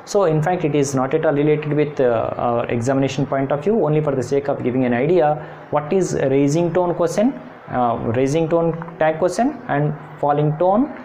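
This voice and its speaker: A woman explains grammar in a low voice. Her tone is mellow and dark, and she repeats points with many fillers. Faint noise sits behind her. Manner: repetitive, emphatic teaching with frequent fillers. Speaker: English teacher.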